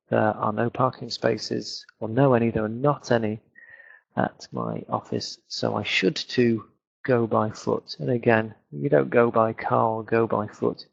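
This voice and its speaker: Gravelly British man teaching English. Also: medium pitch, muffled recording. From Britain. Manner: explanatory, repeats words for stress practice. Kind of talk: webinar lesson.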